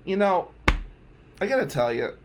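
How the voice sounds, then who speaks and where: A man's voice: high-pitched, big pitch swings, normal speed, background noise. A middle-aged man hosting a podcast, candidly telling a personal story with blunt, emphatic phrasing. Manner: candid, emphatic, with some swearing. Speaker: podcast host.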